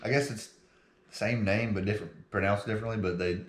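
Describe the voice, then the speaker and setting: A man's voice: fairly low pitch, steady tone, fast talker, echoey room. A young man, co-hosting a podcast in casual chat, laughing often and swearing freely. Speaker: podcast co-host.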